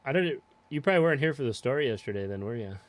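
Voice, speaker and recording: Young man, game streamer, laid-back chat, casual swearing, mid-pitched voice, dry close sound. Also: lively intonation, racing, no echo. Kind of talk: casual live-stream chat while playing.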